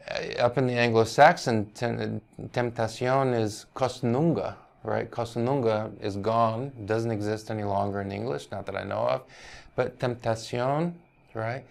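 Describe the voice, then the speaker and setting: A male university teacher lectures on language history in a mid-range, creaky voice. He explains patiently, often checks in with "right?", and hedges over foreign pronunciations.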